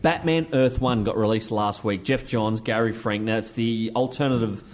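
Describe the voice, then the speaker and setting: A man hosting a casual podcast chat. He talks in a loose, animated way and swears freely as he recaps films and comics. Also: on the low side, normal speed, a little hiss or hum. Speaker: podcast host.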